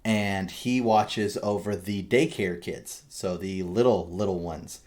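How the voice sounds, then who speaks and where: Rambling, cursing podcast host. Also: male voice, sits low, slow pace. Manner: rambling, swears freely, animated storytelling. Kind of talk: casual chat.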